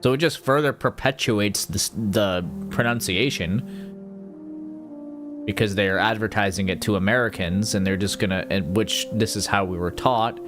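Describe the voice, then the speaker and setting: A man with a lowish voice chats casually on a livestream at normal speed over background music. His talk about games is rambling and jokey, with plenty of self-mockery.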